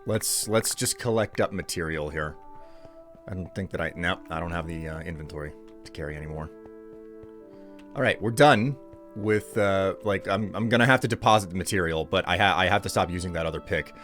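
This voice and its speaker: A man streaming himself gaming, chatting in a relaxed, rambling way that often corrects itself. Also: low-pitched, fairly quick, soft background music. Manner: rambling, self-correcting, chuckling. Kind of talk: laid-back live-stream chat while gaming.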